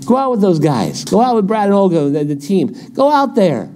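Animated middle-aged pastor preaching. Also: male voice, high-pitched, moderate pace. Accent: Californian. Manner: animated, exhorting, folksy asides. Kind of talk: sermon.

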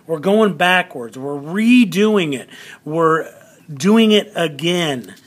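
Male teacher, patient and unhurried, somewhat high voice, walks students through a lesson. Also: animated. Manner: slow, patient, repeats words for emphasis. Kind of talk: classroom lesson video.

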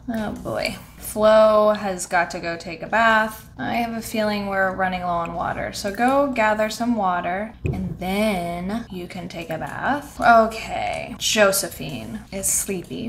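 A woman's voice: medium pitch, slow, a bit bright, a little hiss or hum. A woman giving casual gameplay commentary, chatty, coaxing and scolding her game characters and laughing often. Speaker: let's play host.

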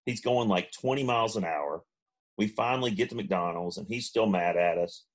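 A man, co-hosting a podcast and telling a long funny story, now and then mimicking friends in high voices. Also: normal speed. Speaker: podcast co-host. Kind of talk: casual storytelling.

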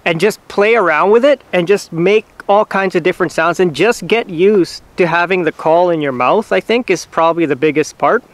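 Here a casual male host, somewhat high-voiced and smooth and clean in tone, shows viewers of his hunting channel how to make turkey calls. He's patient and laid-back, explaining step by step in short, halting phrases padded with fillers.

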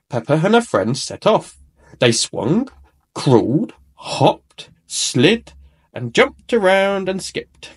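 A man reading a children's storybook aloud in an expressive, animated way. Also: high voice, takes it slowly, breathy edge.

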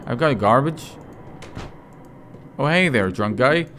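A man's voice: medium pitch, lively intonation, slow pace, pauses often, a bit bright, a little hiss or hum. Joking man commentating a game. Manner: joking, reading in-game lines aloud with sudden outbursts. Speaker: gaming commentator. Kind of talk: let's play commentary.

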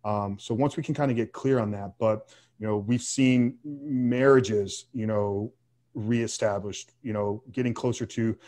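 A man's voice: on the low side, steady tone, a little slow, darkish tone. A man speaking as a guest coach on a podcast, answering earnestly with frequent fillers and restarts. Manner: earnest, faith-driven, with many fillers.

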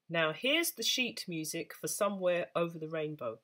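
A woman's voice: lowish voice, lively intonation, normal speed, few pauses, a bit bright. A woman teaching beginners the saxophone, patient and encouraging as she explains step by step. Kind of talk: instructional talk to camera.

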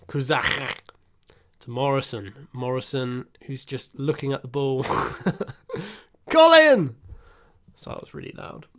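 A young man giving casual, self-mocking commentary while playing a football management game, muttering asides and breaking into excited outbursts. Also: medium pitch. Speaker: gaming YouTuber.

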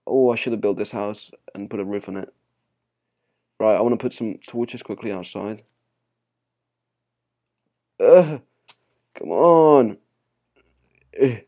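A young man with a Spanish accent gives rambling, casual commentary as he plays. His voice sits a little low and sounds mellow and relaxed. He fills his talk with ums and small laughs. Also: normal speed, muffled recording. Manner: rambling and chatty, with many fillers and small laughs. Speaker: gaming channel host.

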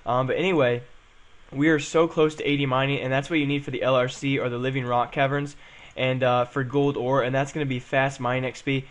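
A man's voice: mid-range voice, flat delivery, a little fast. A young man chatting casually as he plays and comments on a game, rambling and saying "um" and "guys" a lot. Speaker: gaming channel host.

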